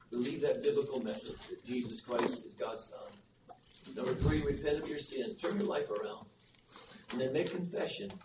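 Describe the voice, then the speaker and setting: A man preaching a sermon at a church service, driving home numbered points with rising emphasis. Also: medium pitch. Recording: roomy, distant, dull with faint noise.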